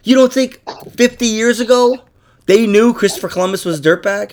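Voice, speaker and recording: A man hosting a podcast in casual chat, profane and animated, laughing through his asides. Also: high voice, brisk. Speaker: podcast host.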